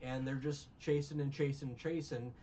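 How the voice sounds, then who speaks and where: A man's voice: mid-range voice, fairly even intonation, moderate pace, dark tone, far from the mic, slight background noise. A man recapping a film in casual chat, rambling and sarcastic, with many restarts. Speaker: podcast co-host recapping a film.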